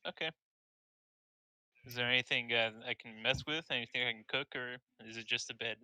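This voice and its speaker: A man playing a tabletop game, inquisitive and casual, asking question after question. His voice is very bright and smooth, and sounds dry and close. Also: mid-range voice, steady tone, moderate pace, no echo, poor audio. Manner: inquisitive, asks lots of questions. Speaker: player.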